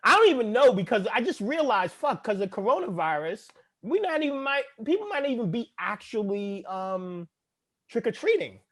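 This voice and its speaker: High-voiced man from Brooklyn, casual co-host. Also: big pitch swings, moderate pace, fairly bright tone. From Brooklyn, New York. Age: adult father of young kids. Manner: blunt, profane, laughs easily. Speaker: podcast co-host. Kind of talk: casual chat.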